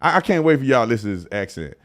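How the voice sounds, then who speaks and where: A man hosting a casual commentary show, talking in an animated, slangy way that climbs to excited emphasis. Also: mid-range voice, rapid-fire.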